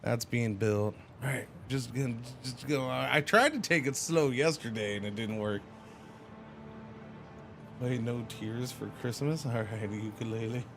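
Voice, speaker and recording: A man's voice: mid-range voice, a little slow, fairly bright tone, slight background noise. Chatty male game streamer. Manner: chatty, rambling, playful exclamations. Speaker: livestreamer. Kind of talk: casual gaming commentary.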